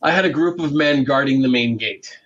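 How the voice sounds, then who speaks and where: A man playing a stern Roman garrison commander, giving a measured, matter-of-fact briefing in a tabletop game. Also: mid-range voice, a bit bright, slightly rough, dull audio. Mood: grim, businesslike. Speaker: game master voicing a character.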